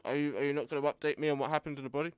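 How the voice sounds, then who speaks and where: A man's voice: a little high, fairly even intonation, racing, smooth, no room sound, faint music behind. A young man with a sore throat streaming a game, chatting wryly and reading chat aloud while he eats. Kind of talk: casual game stream commentary.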